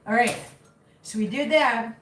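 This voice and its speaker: A woman talks chattily to viewers and cats while cooking in her kitchen, a little flustered as she vlogs. She speaks a little slowly in a slightly high, somewhat bright voice, far from the mic, with slight background noise and kitchen echo.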